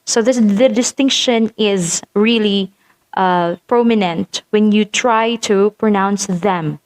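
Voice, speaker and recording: A woman's voice: medium pitch, a little slow. A woman teaching vowel sounds in a patient lesson, repeating sample words to demonstrate them. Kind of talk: phonetics lesson.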